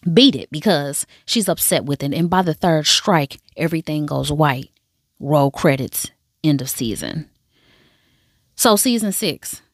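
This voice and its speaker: Animated woman recapping a TV show. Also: low voice, no echo, clean studio sound. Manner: animated storytelling, acts out characters' lines, calls listener "baby". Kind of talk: casual show recap and commentary.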